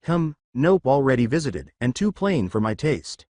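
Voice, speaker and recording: A man voicing an ancient female dragon goddess who is playful, teasing and quick to anger, in a fan story reading. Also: mid-range voice, very animated, darkish tone, dry recording, studio quality, natural voice.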